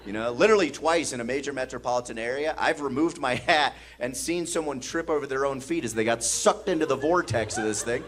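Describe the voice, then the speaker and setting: Speaking a little fast with few pauses, a medium-pitched Midwestern comic works a club stage to a laughing audience. He's animated, slipping into the strangers from his stories and giving the drunk ones mumbling voices.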